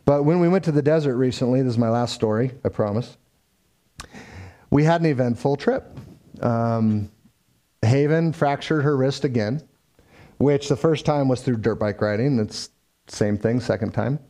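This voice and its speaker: A man's voice: mid-range voice, moderate pace, long pauses, mellow. A man telling a family story in a casual, faith-tinged way, acting out the dialogue. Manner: conversational, acts out quoted dialogue, frequent fillers.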